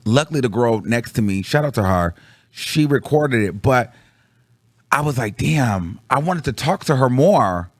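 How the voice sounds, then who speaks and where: A man telling a story to his viewers in slangy, casual chat, swinging from low mutters to high excited bursts. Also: a little slow, no room sound, studio quality. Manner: slangy, calls the audience girl. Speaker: vlogger reviewing a concert.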